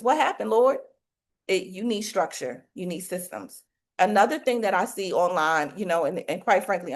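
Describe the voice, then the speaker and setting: Preachy woman coach, folksy faith-filled talk. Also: mid-range voice. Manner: preachy, faith-filled, rhetorical questions, colloquial. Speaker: business coach for hairstylists.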